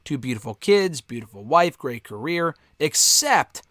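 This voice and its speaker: Male reviewer, talks candidly and offhand, higher-pitched voice, dry close mic. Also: very animated, measured pace, fairly bright tone, no room sound. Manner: candid, offhand, swears freely. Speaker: wrestling show reviewer. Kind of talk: casual spoken review.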